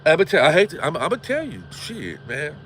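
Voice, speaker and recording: A man's voice: on the high side, wildly swooping pitch, brisk, fairly bright tone, slight background noise. A man from Gary, Indiana, hosting a livestream, preaching with repeated rhetorical questions and swearing. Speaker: livestream host. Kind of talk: impassioned livestream monologue.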